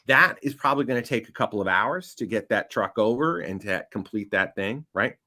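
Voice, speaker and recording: A man telling a long anecdote as a podcast guest, animated and building to loud punchlines. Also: lowish voice, brisk. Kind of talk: casual storytelling.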